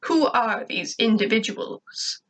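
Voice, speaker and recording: Alien invader, male, furious and bossy, shrill bursts, put on by a woman reader. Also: lively intonation, takes it slowly, a bit bright. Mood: irritable. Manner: screams and snaps in anger.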